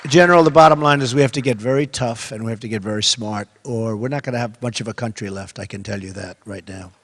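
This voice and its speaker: A man's voice: mid-range voice, quick pace. Older male speaker, emphatic and repetitive stump speech in a reverberant venue with an audience murmuring. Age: 70s. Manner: repetitive, emphatic, swings from quiet asides to loud bursts. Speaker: candidate speaking at a rally event. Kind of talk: campaign speech. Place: large hall with an audience. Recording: echoey hall with crowd behind.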